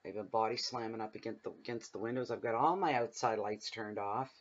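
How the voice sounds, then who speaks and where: At home at night with the windows open, a man gives a casual tarot reading, chatting in a rambling way that drifts into personal stories. His lowish voice comes fairly quickly, and the recording is muffled.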